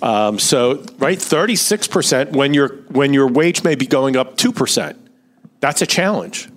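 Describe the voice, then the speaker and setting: A man's voice: medium pitch, lively intonation, unhurried. A middle-aged man with a Philadelphia accent, hosting a casual finance talk show and running through numbers with lots of fillers. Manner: conversational, many fillers, runs through figures.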